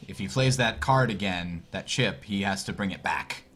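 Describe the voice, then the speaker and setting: A man casting a card game tournament, thinking out loud and reacting with puzzled surprise. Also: sits low, moderate pace, slight background noise. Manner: thinks aloud, puzzled and animated. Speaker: tournament commentator. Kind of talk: casual game commentary.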